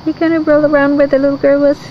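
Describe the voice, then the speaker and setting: A woman's voice: high voice, level tone, racing, lo-fi sound, slight background noise. A woman filming her pets outdoors on a handheld camera, coaxing them in sing-song baby talk. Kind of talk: home video, talking to pets. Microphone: handheld camera mic.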